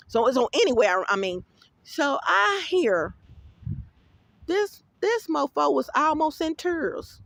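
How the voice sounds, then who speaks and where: A woman's voice: a little high, a bit bright, dry recording. A woman giving a rambling casual vlog monologue. She tells her stories bluntly and profanely, with plenty of animation. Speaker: vlogger.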